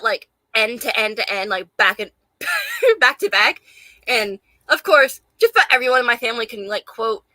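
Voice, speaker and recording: Casting note: young Southern woman with a light Charleston accent, high, dry close voice, rambling, swearing and laughing, a little out of breath. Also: bright, forceful tone, no echo. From Charleston, South Carolina. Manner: profane, laughing often, rambling and emphatic. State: hot and a bit out of breath. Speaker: vlogger. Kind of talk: casual rant to camera.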